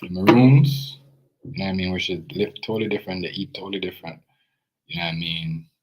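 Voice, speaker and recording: A man's voice: deep voice, fast, breathy edge, poor audio. A young Jamaican man with a Jamaican accent telling his own story in a loose, rambling way, full of fillers and restarts. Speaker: video creator. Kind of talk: casual personal storytelling.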